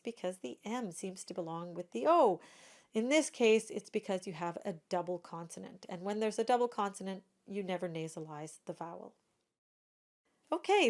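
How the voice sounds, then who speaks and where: Slow, patient woman teaching pronunciation. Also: mid-range voice. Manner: patient, models sounds slowly and repeats them. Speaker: singing and pronunciation coach. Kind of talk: pronunciation lesson.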